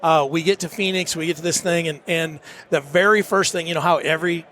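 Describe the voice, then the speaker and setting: A man's voice: on the high side, fairly even intonation, brisk, pushed and bright. A middle-aged man on a podcast, telling a self-deprecating story with lots of restarts and nervous laughs. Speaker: podcast guest. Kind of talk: casual storytelling.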